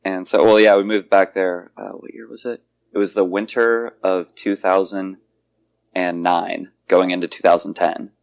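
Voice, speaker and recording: A man's voice: low voice, level tone, normal speed, gravelly. A man in his twenties talking frankly and reflectively as a guest in a casual podcast chat. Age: 20s. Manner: frank, reflective, debate-minded.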